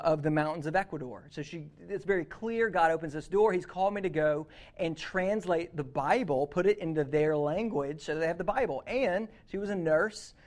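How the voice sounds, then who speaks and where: A man preaching a sermon, telling a story that moves from hushed passages to loud, urgent ones. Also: fairly high pitch. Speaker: youth pastor.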